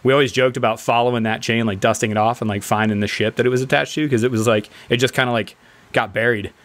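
A man's voice: medium pitch, fairly even intonation, quick pace, a bit bright. A man with a mid-range voice spins a yarn among friends in a team room. He talks loosely and keeps breaking into laughs while he acts out other people's lines. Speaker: podcast co-host telling a military story. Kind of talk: casual storytelling among friends.

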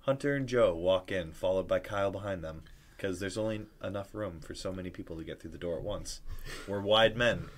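A young man co-hosting a podcast, joking loudly and crudely in rowdy, drunken banter. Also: deep voice, fairly quick. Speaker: podcast co-host.

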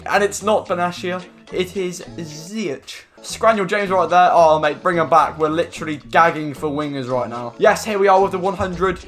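Excitable young gaming commentator. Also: male voice, on the high side. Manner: excitable, slangy, bursts into loud outbursts. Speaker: gaming YouTuber. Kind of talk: casual gameplay commentary.

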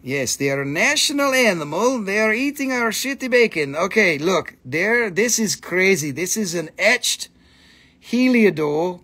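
Excitable cussing man hosting a live sale. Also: high voice. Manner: excitable, profane, joking with viewers. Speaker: host selling minerals on a livestream. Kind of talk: casual live sales chat.

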